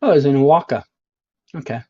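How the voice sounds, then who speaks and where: A man streaming a geography game, joking and mocking himself as he sounds out signs in slow, mangled Spanish. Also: mid-range voice, lively intonation, lo-fi sound. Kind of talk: casual live-stream commentary.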